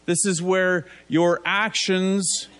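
Guy giving a chatty sermon, kinda high voice, throws in "isn't there?" and plays out the bible characters. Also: flat delivery, slow pace, a bit bright, smooth. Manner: asks rhetorical tag questions; acts out biblical figures in casual voices. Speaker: preacher. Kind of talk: conversational sermon.

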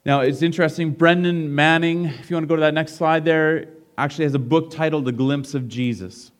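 A man's voice: fairly high pitch, steady tone, fairly quick. A middle-aged male pastor giving a sermon, reading a story aloud with drama and asking the congregation questions.

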